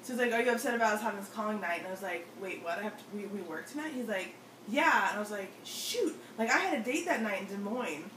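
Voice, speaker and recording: A woman's voice: mid-range voice, expressive, very fast, hardly any pauses, a bit bright, a little hiss or hum. A young woman telling a story to friends in a chatty way, saying "like" often and acting out what people said. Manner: chatty, heavy use of "like", acts out quotes. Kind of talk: casual storytelling chat. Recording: roomy sound, mic at a distance, faint ambience.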